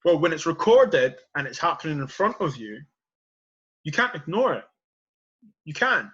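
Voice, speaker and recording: A man's voice: a little high, very animated, moderate pace, fairly bright tone, breathy edge, lo-fi sound. A man hosting a podcast, arguing his point with passion and leaning on "you know" and "period". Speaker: podcast host. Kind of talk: passionate casual debate.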